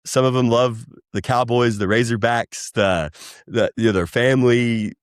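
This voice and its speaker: Animated rambling man, casual podcast guest. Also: mid-range voice, moderate pace, smooth, dry recording, studio quality. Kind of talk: casual chat.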